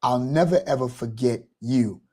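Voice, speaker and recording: A man voicing a confused husband who apologizes and reassures his wife, speaking softly. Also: mid-range voice, moderate pace, slightly rough, close to an everyday voice. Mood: reassuring.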